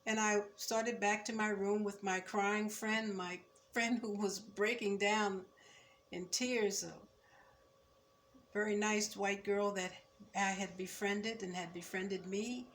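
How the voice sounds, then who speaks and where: An older woman in her seventies recalling her student years in a measured, reflective oral-history telling, turning firm when she speaks of injustice. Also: medium pitch, steady tone, a bit bright, a little hiss or hum. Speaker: former student recounting memories.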